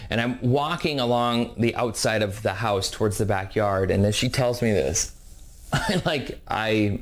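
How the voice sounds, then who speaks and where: Male podcast host, mid-pitched, candid and reflective storyteller. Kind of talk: personal storytelling monologue.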